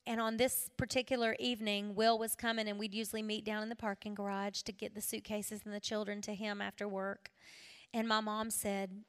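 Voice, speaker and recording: A middle-aged woman giving a personal testimony sermon to a women's gathering, telling her story earnestly and dropping to a hush for emphasis. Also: medium pitch, level tone, a little fast, smooth. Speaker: women's ministry speaker. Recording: long hall reverb.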